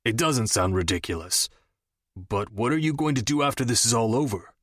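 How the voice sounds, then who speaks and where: A man's voice: mid-range voice, normal speed, a bit bright, no room sound, studio quality, close to an everyday voice. A man doing a smug, teasing buddy. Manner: smug, joking banter. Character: cocky, teasing young man, best friend.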